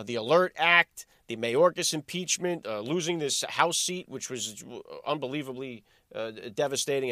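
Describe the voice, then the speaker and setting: A man's voice: fairly high pitch, fairly bright tone, no echo, clean studio sound. A male podcast host giving a sarcastic political commentary monologue full of rhetorical questions.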